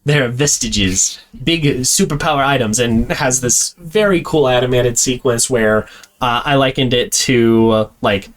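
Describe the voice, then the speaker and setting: A man's voice: medium pitch, a little slow. Rambling, easygoing male podcast host. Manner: rambling, many fillers, laughs often. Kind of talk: casual chat.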